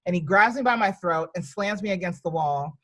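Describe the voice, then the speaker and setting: A woman comedian from New York and Virginia, casually telling lively stories on a podcast and acting out the people in them. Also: lowish voice, a little fast. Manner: animated, acts out voices in anecdotes. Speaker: comedian guest.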